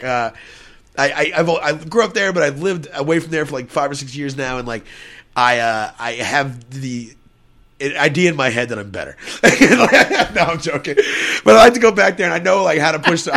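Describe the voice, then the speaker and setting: A man's voice: a little high, lively intonation, a little fast, a bit bright. A man, a guest comedian, telling a rambling story in casual podcast chat, laughing often and swearing freely.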